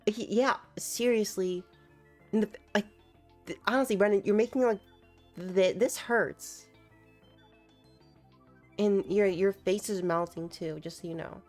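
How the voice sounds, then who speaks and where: A young woman giving casual, teasing reaction commentary on online clips, sarcastic and quick to laugh. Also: mid-range voice, steady tone, a little mellow, faint music behind.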